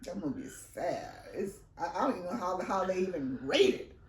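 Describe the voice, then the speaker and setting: A middle-aged woman co-hosting a food chat, relaxed and chiming in with agreement. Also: lowish voice, brisk, very noisy. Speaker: mukbang co-host, mother. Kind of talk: casual chat. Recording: echoey room with background chatter.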